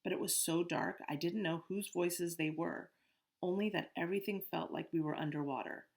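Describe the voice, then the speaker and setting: A woman reading a children's novel aloud in steady, first-person storytelling. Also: on the low side, normal speed, vocal fry. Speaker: audiobook narrator. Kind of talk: scripted first-person narration.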